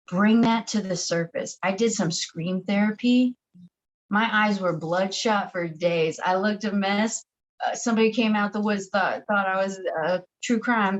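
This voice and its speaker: Woman, podcast guest, reflective and earnest, mid pitch, muffled lo-fi video call audio. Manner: reflective, earnest, many filler "like"s. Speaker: podcast guest, shadow work teacher. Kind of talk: casual interview chat.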